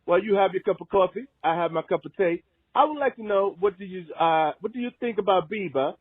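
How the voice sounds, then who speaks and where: A cheery young caller chats in brisk, chummy slang, as a man puts him on. His voice sits high and a little husky. It comes through dry and tinny, like a phone line. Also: expressive, dry recording. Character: cheery young British male fan caller.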